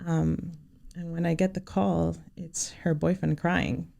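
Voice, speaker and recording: A woman guest on a podcast, sharing a personal story in a sincere, halting way with many fillers. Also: on the low side, little pitch movement, creaky, a little mellow.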